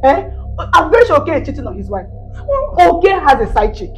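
A woman's voice: sits high, sing-song, fast talker, slight background noise. A woman with a Nigerian accent playing a frustrated pregnant wife in a comedy skit, scolding and pleading with frequent "Eh?" tags. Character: frustrated pregnant young wife, insistent and emotional.

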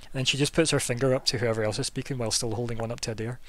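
A man narrating as game master of a tabletop game, describing actions in a relaxed way. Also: medium pitch, rapid-fire.

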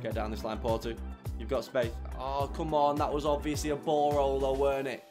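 A young man commentating his own football video game, swinging from muttered grumbles to shouted celebration. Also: medium pitch, little pitch movement, a little fast, over music. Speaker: gaming YouTuber. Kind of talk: live gameplay commentary.

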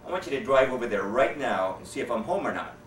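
A man's voice: mid-range voice, lively intonation, fast talker, a little hiss or hum, close to an everyday voice. A man putting on a smug scheming politician. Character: scheming smug male politician, middle-aged. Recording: roomy hall, mic at a distance.

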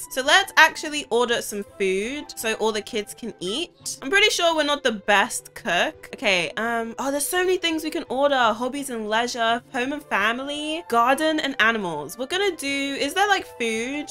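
A woman giving casual gameplay commentary, excitable and prone to gasps and panicked shrieks. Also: sits high, measured pace, few pauses, faint music behind. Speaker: gaming YouTuber.

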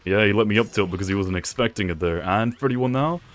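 A young man with a fairly low voice talks through a fight as he plays, teasing his opponent and grumbling in jest. Faint music runs underneath. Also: fast talker. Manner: playful, teasing the opponent with mock complaints. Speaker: gaming video creator. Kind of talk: live gameplay commentary.

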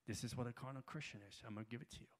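A man preaching a sermon as a guest at a church prayer gathering, telling a story with heavy repetition and building to loud shouts. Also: mid-range voice, rapid-fire.

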